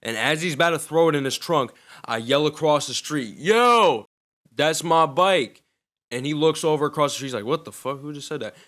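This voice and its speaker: A man's voice: mid-range voice, a bit bright. A young man casually telling a personal story in loose, profane, slangy talk.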